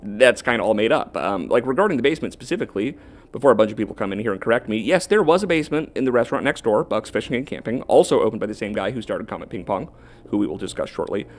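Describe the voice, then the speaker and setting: A man's voice: fairly low pitch, expressive, fast talker. A man narrating a video script in a wry, dryly ironic manner.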